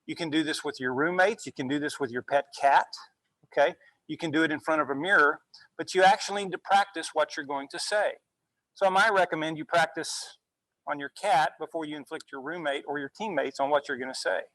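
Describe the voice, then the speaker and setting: A man's voice: fairly high pitch, brisk, pushed and bright, no echo, rough recording. Guy teaching a college class, chatty, keeps saying okay, dry close sound. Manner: conversational, frequent "okay?" check-ins. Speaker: university instructor. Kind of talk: classroom lecture.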